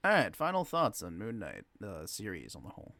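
A man co-hosts a podcast in relaxed casual chat. His voice carries a gravelly rasp and moves up and down with lively pitch. He rambles and hesitates, filling gaps with fillers, recorded close and dry. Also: brisk, no room sound. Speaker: podcast co-host.

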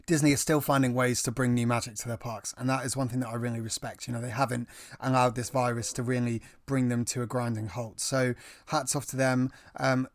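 A man's voice: medium pitch, no room sound, clean studio sound. A man co-hosting a podcast, talking with eager enthusiasm in casual chat. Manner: enthusiastic, talkative. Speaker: podcast co-host.

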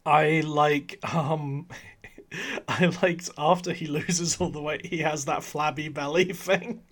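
A man with a somewhat high voice talks through films in casual podcast chat. He rambles, restarts his sentences and giggles between remarks, keeping the talk loose and chatty. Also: steady tone, takes it slowly, fairly bright tone. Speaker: podcast co-host reviewing films.

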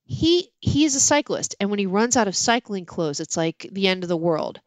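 A middle-aged woman chatting candidly as a guest, recorded close and dry with no room sound. She tells stories with lively, self-mocking asides in an ordinary mid-range voice. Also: mid-range voice, moderate pace, dry recording. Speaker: author and podcast guest. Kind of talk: casual interview chat.

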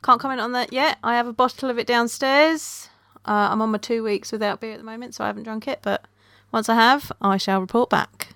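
A woman co-hosting a casual podcast, relaxed and lightly humorous. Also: fairly high pitch, a little fast, vocal fry, dry recording, studio quality. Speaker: podcast co-host.

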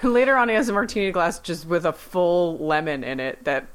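Woman podcast co-host, low-pitched, relaxed conversational delivery. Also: fairly quick, over a noisy crowd. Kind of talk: casual episode recap chat.

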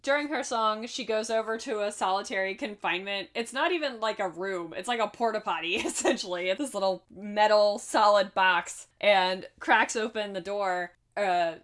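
A woman's voice: medium pitch, moderate pace, few pauses, fairly bright tone. Chatty woman co-hosting a film recap. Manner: chatty and laughing, with asides. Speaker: podcast co-host. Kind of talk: casual chat recapping a film.

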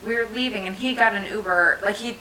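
A woman's voice: mid-range voice, fast talker, sharp tone, slight background noise, low-quality recording. A woman in her thirties from New Jersey, chatting and telling stories on a podcast, laughing often. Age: 30s. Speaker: podcast co-host. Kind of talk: casual chat.

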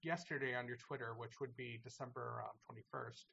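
A man's voice: medium pitch, brisk, creaky, sharp tone, lo-fi sound, slight background noise. A man in casual podcast chat about games, earnestly explaining his reasons.

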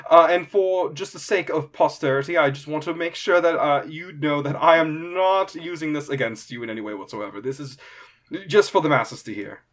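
Excitable fantasy arena announcer, male, gushing fan energy, pitched up high, played by a man. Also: normal speed, lightly acted. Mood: eager. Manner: gushing, breathless fan, rambling.

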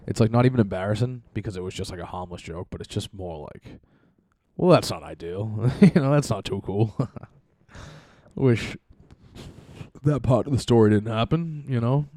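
A young man talks casually on his podcast, rambling and joking, with frequent laughs and plenty of swearing. His voice sits a little low and mellow. The sound is dry and close to the mic. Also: normal speed, no echo. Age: young adult. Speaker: podcast host. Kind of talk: casual chat.

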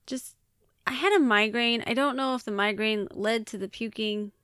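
Woman, podcast co-host, casual chat, bright higher voice, frequent laughter. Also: moderate pace, clear, resonant tone, dry recording, studio quality. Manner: chatty, laughs often, many likes.

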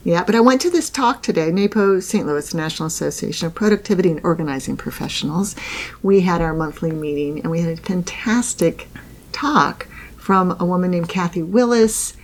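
A woman with a fairly low, brisk voice co-hosts a podcast. She chats casually, laughs often, and keeps restarting her sentences.

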